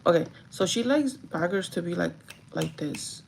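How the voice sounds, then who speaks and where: A woman's voice: lowish voice, lively intonation, moderate pace, vocal fry, a little hiss or hum, poor audio. A woman chatting casually to her live viewers while doing her makeup, talking straight to them and laughing often. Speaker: livestreaming vlogger and store manager.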